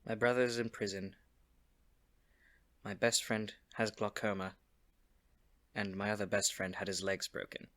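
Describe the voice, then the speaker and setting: A man playing a bard at a tabletop game, slow and halting, laughing often. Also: on the low side, fairly even intonation, a bit bright, dry recording. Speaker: player. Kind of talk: in-character play at a tabletop game.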